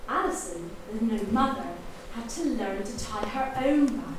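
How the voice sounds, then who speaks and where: A woman's voice: fairly high pitch, animated, background noise, lightly acted. A woman playing a confident young detective who lays out the crime on a live stage, heard from far off in an echoey theatre. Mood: explaining. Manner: theatrical, deliberate explaining. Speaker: amateur sleuth revealing the killer.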